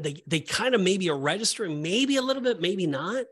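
Emotional man, higher voice, rambling. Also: animated, brisk, a bit bright, husky. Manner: rambling, emotional, many restarts. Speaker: podcast co-host. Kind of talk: casual Bible discussion.

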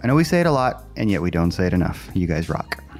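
A friendly male podcast co-host with a fairly low voice. His pitch moves a lot as he thanks his listeners. Faint music plays behind him. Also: sing-song, quick pace. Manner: warm, grateful, friendly. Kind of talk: casual podcast chat.

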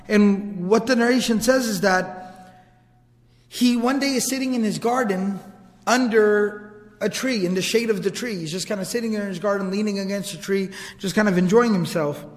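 A man's voice: high voice, moderate pace. A male teacher retelling a historical story in a casual, vivid, conversational way, with asides to his listeners. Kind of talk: storytelling lesson. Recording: long hall reverb.

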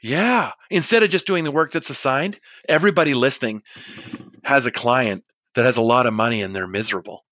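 A man in his forties telling an anecdote, chatty and animated, acting out the people he quotes. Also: mid-range voice, quick pace, dry recording. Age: 40s. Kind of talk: storytelling monologue.

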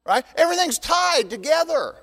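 High-voiced older man preaching. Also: moderate pace, gravelly. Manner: animated, joking asides to the congregation. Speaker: pastor. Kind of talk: sermon. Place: church sanctuary. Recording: long reverb in a church hall.

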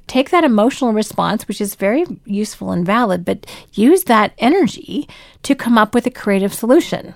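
Lively woman giving workplace advice. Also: mid-range voice, brisk, vocal fry, no echo, clean studio sound. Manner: animated, acts out quoted voices, laughs often. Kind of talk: advice talk to camera.

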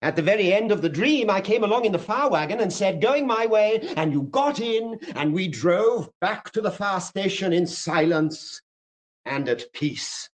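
An actor playing a smooth, mocking fire captain in a vintage radio drama, taunting a younger fireman with quotations. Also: high voice, expressive, normal speed, poor audio. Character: silky, mocking male fire captain who loves quotations.

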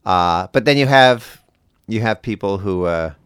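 A man in casual conversation about acting and accents, animated and quick to laugh. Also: on the low side, clean tone, dry recording, clean studio sound. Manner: animated, laughs often, mimics voices in passing. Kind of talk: casual chat.

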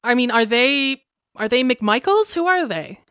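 A woman's voice: on the high side, lively intonation, measured pace, a bit bright, no room sound. A woman playing a stubborn, loyal young niece who speaks earnestly, with a dry close sound.

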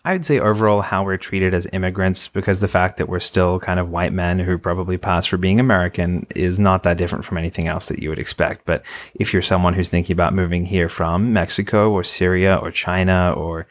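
A man with a very low voice talks quickly on a podcast. His casual chat is thoughtful and hedged, with a few restarts. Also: steady tone. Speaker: podcast co-host.

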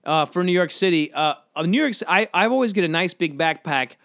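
A man's voice: high-pitched, lively intonation, fairly quick, gravelly, a bit bright, dry recording, clean studio sound. A man from the American South hosting a casual solo podcast, rambling and questioning himself with lots of fillers. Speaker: podcast host.

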